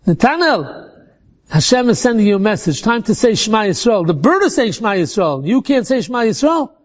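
A man's voice: sits high, very animated, a little fast. A man voicing a wife who prods her husband with pointed questions. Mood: urging. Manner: pointed, prodding.

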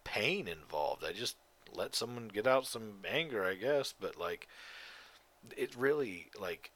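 A man hosts his own podcast late at night, sounding tired and yawning between thoughts. His low voice has a bright, forceful edge, and he rambles, swears freely and hammers his points home. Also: lively intonation, a little slow. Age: adult. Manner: profane, rambling, emphatic. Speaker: podcast host. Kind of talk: casual solo monologue.

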